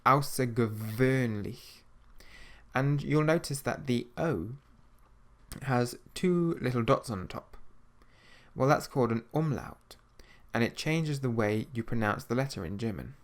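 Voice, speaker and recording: A man teaching an audio language lesson, patiently repeating each word slowly so learners can practice. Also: medium pitch, lively intonation.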